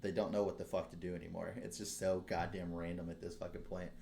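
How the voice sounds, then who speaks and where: A man's voice: sits low, fast, gravelly, slight background noise. A man co-hosting a podcast, chatting casually, swearing a lot and telling stories with big laughs. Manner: swears constantly, animated storytelling, laughs loudly. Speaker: podcast co-host. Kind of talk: casual chat.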